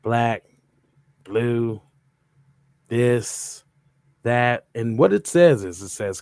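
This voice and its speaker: A man hosting a podcast, casually pitching shirts to his viewers in a loose, playful way. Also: lively intonation, slow pace, pauses often, darkish tone, no room sound. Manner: loose, playful, chanting asides. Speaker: podcast host.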